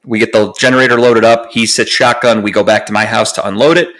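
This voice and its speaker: A young man co-hosting a podcast, telling a long story in casual chat, animated and profane, with lots of fillers. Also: on the low side, fast talker. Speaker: podcast co-host.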